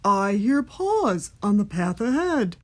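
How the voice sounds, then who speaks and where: A woman voicing a big, gullible male forest monster in a storybook read-aloud, booming and slow. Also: very animated. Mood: gruff. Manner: booming, drawn-out delivery.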